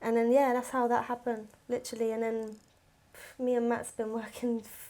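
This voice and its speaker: A young woman, a rapper chatting as an interview guest and telling lively stories. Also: fairly high pitch, moderate pace. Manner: lively storyteller who acts out other people's voices. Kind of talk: casual interview chat.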